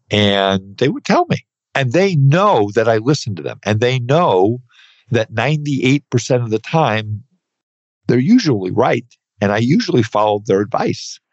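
Slightly slow and on the low side, this fifty-something man's voice swings widely in pitch as he hosts an advice podcast. The accountant and podcast host makes his points earnestly and emphatically, leaning on repeated "okay"s, over dry, slightly dull audio without room sound.

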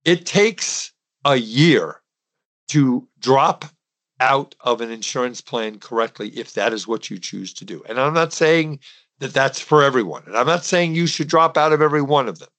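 A middle-aged man speaking on his own podcast, with a voice of ordinary pitch for a man. He lectures in an emphatic, soapbox way and talks straight to his listeners. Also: lively intonation, moderate pace, a bit bright. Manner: emphatic, preachy, addresses listeners directly. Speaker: podcast host and dental CPA. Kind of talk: podcast monologue.

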